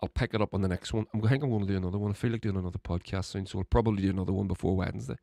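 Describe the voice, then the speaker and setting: Talking very fast in a low, gravelly voice with a steady tone, a podcast host delivers a solo political monologue packed with swearing. His rant grows heated until he's shouting, captured in a dry, clean studio recording.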